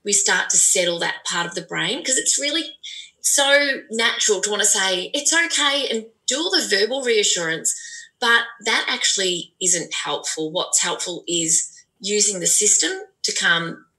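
Woman, parenting expert guest, bright tone, earnest, chatty explainer. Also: mid-range voice, moderate pace, low-quality recording. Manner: earnest, explanatory, many "you know" fillers. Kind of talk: conversational advice.

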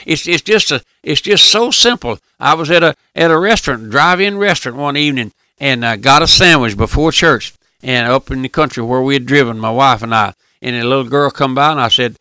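A man delivers a folksy, impassioned radio sermon with a bright, forceful voice. His pitch swings widely between urgent, rising warnings and hushed, low asides. The sound is dry and close, with no room around it. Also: lively intonation, normal speed, no echo. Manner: impassioned, repetitive, folksy preaching with sudden rises and hushed asides. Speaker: radio preacher.

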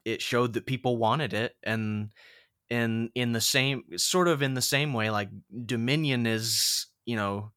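Bright-voiced young man chatting casually. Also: medium pitch, unhurried, clean tone, no echo, studio quality. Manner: chatty, many fillers and restarts. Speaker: podcast co-host. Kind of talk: casual chat.

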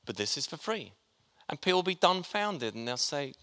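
A man's voice: medium pitch, big pitch swings, fairly quick, hardly any pauses, bright, forceful tone. A man preaching a sermon, chatty and joking with his congregation as he talks. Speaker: pastor. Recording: long hall reverb.

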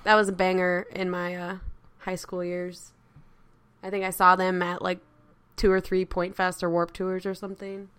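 A woman co-hosting a podcast, chatting casually and playfully about songs, quick to giggle. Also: lowish voice, monotone, a bit bright, smooth. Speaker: podcast co-host. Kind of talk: casual chat about music.

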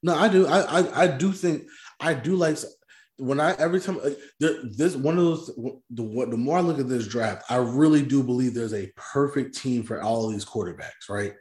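A man's voice: medium pitch, moderate pace, a little mellow, reverberant. A man co-hosting a casual sports podcast, making his case at length and arguing his points. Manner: argumentative, explains at length. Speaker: podcast co-host.

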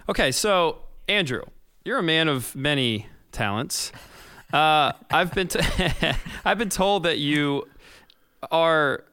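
A man's voice: on the high side, lively intonation, slow, sharp tone, smooth, no room sound. A man hosting a podcast, asking earnest, encouraging questions and giving short affirmations. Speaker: podcast host. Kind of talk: casual podcast interview.

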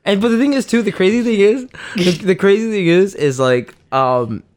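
A man's voice: high-pitched, animated, moderate pace. A man co-hosting a podcast, telling a story loosely and profanely, chuckling between phrases. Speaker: podcast co-host. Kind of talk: casual storytelling chat.

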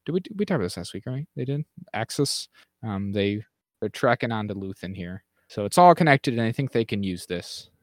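A man's voice: on the low side, animated, no echo, studio quality. Rambling man recapping with restarts. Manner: mimics characters in quick acted asides. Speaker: podcast co-host. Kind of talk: casual chat.

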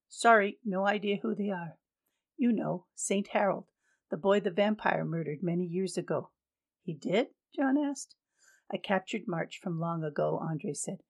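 A woman reads a long story aloud in a low, husky voice. She keeps the characters close to her own plain voice, only lightly shifting between them. The delivery is steady, scripted narration. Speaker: audiobook reader.

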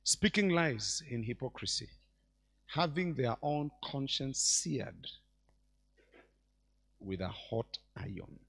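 A man preaching a sermon in church as bishop, swinging between loud exclamations and quiet asides. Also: mid-range voice, takes it slowly, creaky, long pauses. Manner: animated preacher, mixes shouts with quiet asides.

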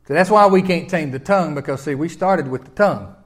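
A man preaching a sermon in a folksy way, swinging from loud emphatic peaks down to quiet low lines. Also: brisk. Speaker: pastor.

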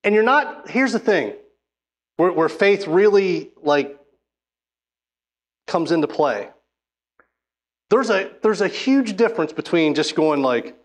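A man with a slightly higher-than-usual voice preaches a sermon. He reads scripture aloud and presses his points with emphatic exhortation. He often restarts his phrases as he goes. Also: animated, slow, pauses often.

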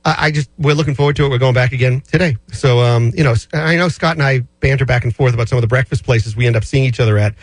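A man chats on a radio show, rambling along with fillers and restarts. He sits close to a dry studio mic. His pitch sits in a middle range. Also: fast, hardly any pauses, dry recording. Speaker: radio show host answering listener finance questions. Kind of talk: casual radio chat.

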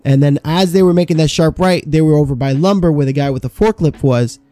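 A man spins a long, rambling work story on a podcast, swearing freely and acting out the other people in it. His voice is mellow and dark, recorded dry and close. Faint music sits underneath. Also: a little high, fast, dry recording. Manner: profane, rambling, animated storyteller. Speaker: podcast co-host. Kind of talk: casual storytelling chat.

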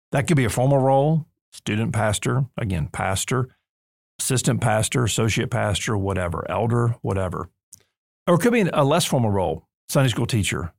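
A man's voice: on the low side, creaky, no echo. A man hosting a podcast in a studio, talking in an emphatic, earnest way with touches of humor. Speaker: podcast host and seminary leader. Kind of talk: conversational podcast discussion.

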